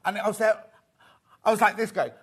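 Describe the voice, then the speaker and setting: A woman's voice: mid-range voice, brisk, a bit bright, slightly rough. A woman presenting a live sewing show, chatting casually and telling anecdotes with plenty of laughter. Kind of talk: casual chat.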